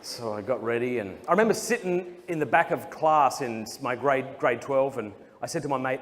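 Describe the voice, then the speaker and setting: A man's voice: medium pitch, animated, normal speed, hardly any pauses, slight background noise. Joking Australian man on a big stage. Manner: joking storyteller, acts out quoted voices. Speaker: Catholic speaker. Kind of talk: comedic talk to a live audience. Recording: live hall with long reverb, faint crowd ambience.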